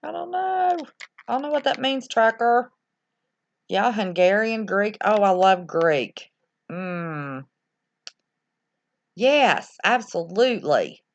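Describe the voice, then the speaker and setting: A woman's voice: mid-range voice, lively intonation, slow pace, pauses often. A woman hosts a casual livestream, rambling and reacting aloud to viewer comments. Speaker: livestream host reading viewer chat. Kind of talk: casual live-stream chat. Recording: slightly dull lo-fi sound.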